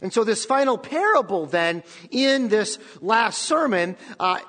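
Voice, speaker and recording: A man's voice: sits high, big pitch swings, a little slow, fairly bright tone. A man preaching a sermon as pastor, talking conversationally and often checking in with the congregation. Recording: long reverb of a large hall.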